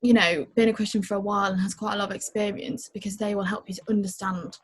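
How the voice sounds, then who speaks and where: A woman's voice: mid-range voice, little pitch movement, quick pace, breathy edge. A young woman, a youth leader, chatting casually and earnestly, with frequent fillers as she explains. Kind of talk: casual chat.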